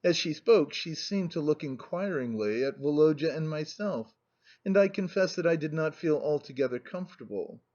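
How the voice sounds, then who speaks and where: A man narrating a classic novel in a measured, even reading. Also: fairly high pitch. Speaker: audiobook narrator. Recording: muffled lo-fi recording.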